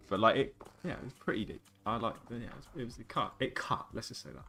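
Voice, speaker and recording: A man's voice: mid-range voice, fast talker, creaky, pushed and bright, husky, soft background music. A man in his twenties streaming a game, chatting casually and joking and rambling with his viewers. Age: 20s. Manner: joking, rambling banter with chat. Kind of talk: casual live-stream chat.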